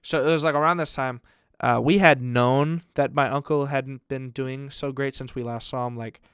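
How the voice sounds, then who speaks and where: A young man chatting on a podcast with friends, spinning a long family story. He rambles with fillers and casual swearing. His voice sits at a mid pitch, recorded close and dry. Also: steady tone, normal speed, a bit bright, smooth, no echo. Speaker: podcast co-host. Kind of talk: casual chat.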